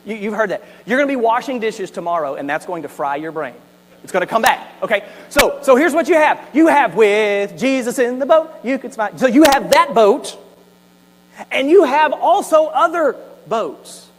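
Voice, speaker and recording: A man's voice: extremely high pitch, big pitch swings, moderate pace. A man preaching a sermon as a pastor, telling the story animatedly with asides. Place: church sanctuary. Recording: hall reverb with faint mains hum.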